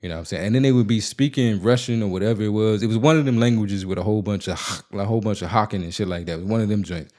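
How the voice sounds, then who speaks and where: A man with a somewhat low voice hosts his own podcast alone. He vents in a casual monologue, telling stories in a blunt, profane and animated way. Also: racing, few pauses. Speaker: podcast host. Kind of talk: casual solo monologue, venting.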